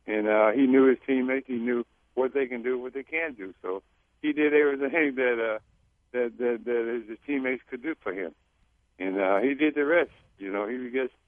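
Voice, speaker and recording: This man, once a teammate, is a phone-in guest on a radio interview, heard on a tinny phone line with a dry recording. In a medium-pitched voice, he speaks slowly and reflectively, halting and repeating words.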